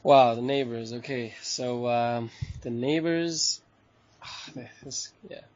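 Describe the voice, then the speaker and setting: A man from Bali, a hostel owner being interviewed, talking in a loose, relaxed, rambling way with frequent chuckles and fillers. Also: mid-range voice, takes it slowly. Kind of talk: casual chat interview. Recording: dull lo-fi recording.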